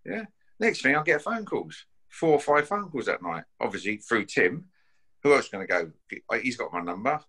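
Bloke calling someone out, low voice but sharp and punchy, swearing loads. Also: male voice. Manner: blunt and combative, swearing, keeps tagging "yeah?" and "mate". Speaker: bare-knuckle fighter issuing a challenge. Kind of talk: confrontational call-out to camera.

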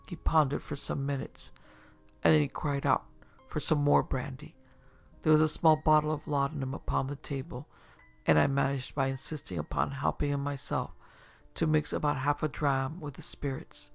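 A podcast host narrating a classic horror story in a measured, steady storytelling manner. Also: mid-range voice, vocal fry. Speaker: narrator and producer. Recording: lo-fi recording with faint music.

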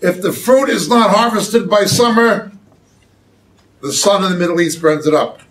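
A man giving sermon-style Bible teaching, explaining slowly and often checking with "okay?". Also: sits high, lively intonation, a bit bright, distant mic, rough recording. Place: church hall.

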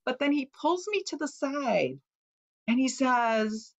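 A woman from Chicago, an author giving a talk, recounting a personal story in an earnest, emotional way with hesitant pauses. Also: high-pitched, sing-song, muffled recording. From Chicago, USA.

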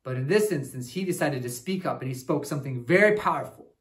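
A man plays a goofy traveling cousin, chatty and upbeat, teaching a children's Bible lesson. His pitch leaps all over the place as he talks straight to the kids and keeps checking in with "right?" in a mid-height voice. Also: expressive, fast, lightly acted. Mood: cheerful. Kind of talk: children's ministry lesson in character.

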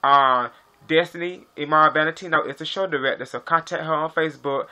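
A man doing a casual gossip monologue full of shout-outs, talking in a sassy, profane, rambling way. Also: a little high, brisk. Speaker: gossip vlogger.

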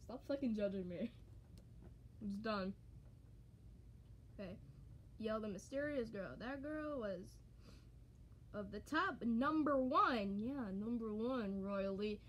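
Swearing, giggling young woman, bright voice. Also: fairly high pitch, animated, normal speed. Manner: swearing, laughing, self-mocking. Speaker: YouTuber. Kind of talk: reading old writing aloud with comedic commentary. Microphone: handheld camera.

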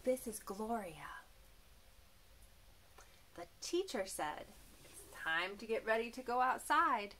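Woman, preschool teacher, slow, gentle, slightly high voice, children's lesson. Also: very animated, a little hiss or hum.

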